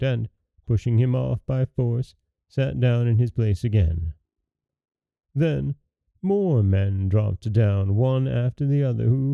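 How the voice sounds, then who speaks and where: A man hosting a podcast, calmly reading a fairy tale aloud in a measured way. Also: mid-range voice, vocal fry, dry recording, phone-quality sound. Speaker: podcast host and storyteller. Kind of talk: scripted storybook narration.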